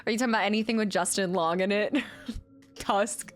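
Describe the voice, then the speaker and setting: A woman's voice: medium pitch, steady tone, a little fast, faint music behind. A woman streamer chatting casually with viewers while playing a game, laughing often and thanking people for donations and follows. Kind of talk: casual live-stream chat while gaming.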